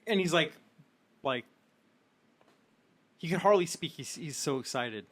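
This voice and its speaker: A woman narrating as game master of a tabletop game, animated and laughing along with the players. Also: deep voice, unhurried.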